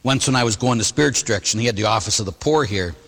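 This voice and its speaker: A man, a priest, giving a sermon and telling stories in an animated way, acting out the people he quotes. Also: on the low side, rapid-fire, long reverb tail. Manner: animated storytelling, voicing others in quotes.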